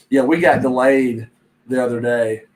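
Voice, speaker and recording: A man's voice: mid-range voice, rough recording. A man hosting a reselling channel, chatting casually and rambling while he reads viewer comments aloud. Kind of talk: casual live-stream chat.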